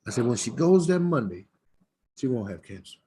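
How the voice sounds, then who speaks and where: A man's voice: medium pitch, sing-song, moderate pace, dark tone, breathy edge. A middle-aged man, a smokehouse owner telling folksy stories in a preacherly way. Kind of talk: storytelling chat.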